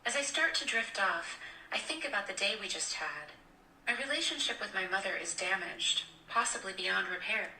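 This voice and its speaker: A young woman reading a novel passage aloud in a steady, unhurried way. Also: medium pitch. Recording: echoey room, distant mic, faint hiss.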